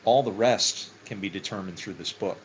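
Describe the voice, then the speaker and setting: A man teaching scripture in a casual, conversational way, full of fillers and "okay?" check-ins, with sudden excited rises for emphasis. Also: on the low side, normal speed, slight background noise, low-quality recording. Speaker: Bible teacher.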